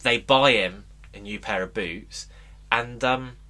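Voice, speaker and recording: Bright-voiced rambling man retelling a film. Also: lowish voice, slow. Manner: rambling storyteller, acts out quotes. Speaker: podcast co-host. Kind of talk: casual chat.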